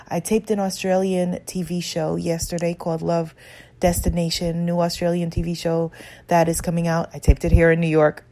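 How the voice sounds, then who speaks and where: A woman's voice: fairly low pitch, flat delivery, normal speed, vocal fry, dark tone. A woman self-help author giving an earnest, encouraging guided talk on self-acceptance.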